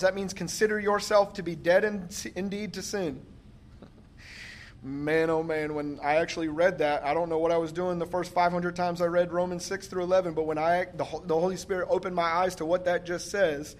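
A man preaching a sermon, reading scripture slowly and commenting emphatically, often laughing. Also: high-pitched.

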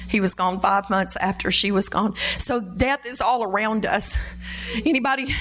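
A middle-aged woman preaching a sermon to a congregation, shifting between quiet, chatty asides and passionate shouting. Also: on the high side. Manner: conversational asides with laughs. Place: church room with a congregation.

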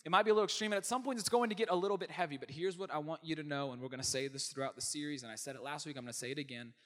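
A man preaching a sermon as pastor, emphatic, swinging from loud declarations to hushed asides. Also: a little high, racing.

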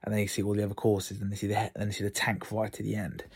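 Gravelly husky guy chatting podcast-style from his room, animated, does the kids' voices. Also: lowish voice, racing. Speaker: outdoor activity camp instructor. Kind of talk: casual solo podcast monologue.

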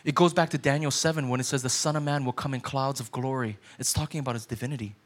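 A man's voice: mid-range voice, fairly even intonation, fast talker. A man in his thirties, a pastor preaching a sermon in a conversational way that builds to urgent, repeated questions.

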